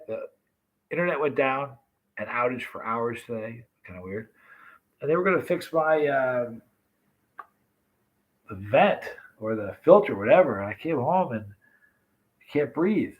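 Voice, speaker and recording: A man's voice: medium pitch, lo-fi sound. A man with a stuffed-up, congested nose, hosting a casual livestream chat and greeting viewers by name with rambling asides. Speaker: livestream host.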